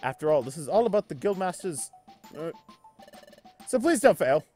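A man's voice: a little high, sing-song, normal speed, darkish tone, faint music behind. A man voicing a prim, fussy male bird steward in a put-on British accent, reading game dialogue aloud. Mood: stern.

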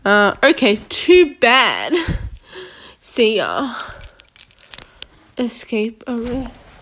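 A woman's voice: on the high side, huge pitch swings, extremely slow, fairly bright tone, slight background noise. A young woman chatting her way through a video game, joking with her viewers as she plays. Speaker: gaming video creator. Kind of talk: casual gameplay commentary.

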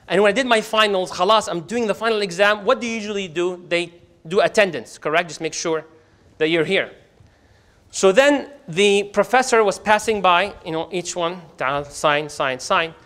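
A man teaching a religious class to a live audience, telling stories with humor and acting out the dialogue. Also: high voice. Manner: animated, humorous, acts out dialogue. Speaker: Islamic teacher. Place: mosque hall with a live audience.

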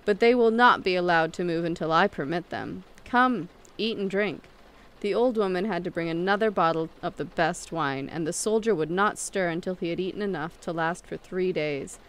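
A woman's voice: on the low side, clean tone. Woman reading an old fairy tale. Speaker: storyteller. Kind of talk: fairy tale read aloud.

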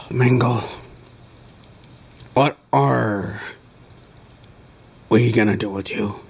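A man's voice: mid-range voice, drawn-out words, creaky, husky, heavily acted. A man voicing a bossy, overprotective plush fox in a homemade toy skit, sighing and stammering as he gives orders. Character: fussy plush male fox Foxy, overprotective.

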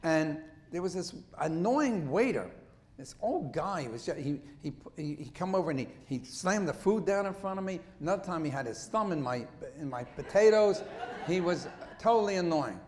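A man's voice: fairly high pitch, slight background noise. Older man with a thick Philadelphia accent. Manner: animated, jokey, quick asides. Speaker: comedian guest. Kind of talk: storytelling interview on stage. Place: stage before a live audience.

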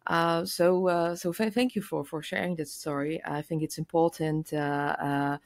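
Woman, podcast host, hesitant, fillers, gravelly, dry recording. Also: low voice, fairly even intonation, normal speed, dry recording. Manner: hesitant, many fillers, attentive listener. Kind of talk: podcast interview.

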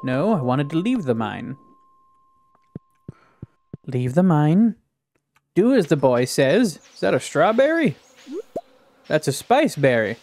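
A man giving casual let's-play commentary, excitable, talking back to the game and swearing often. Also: on the high side, takes it slowly, pauses often, slight background noise. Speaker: gaming YouTuber.

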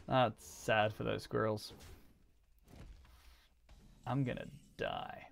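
Male game streamer, mid-pitched with a gravelly edge, rambling and chatty, laughs a lot. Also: expressive, slow pace, long pauses, a bit bright. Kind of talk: casual chat while gaming.

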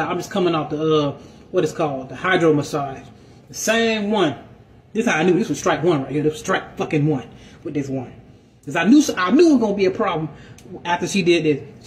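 A man telling a personal story in a casual, animated, profane rant. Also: fairly high pitch.

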